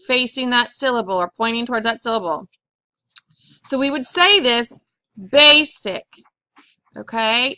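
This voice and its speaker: A woman's voice: high-pitched, sharp tone, dry recording. A woman teaching a phonics lesson on syllables and accents, patiently asking questions and repeating each word for her pupils.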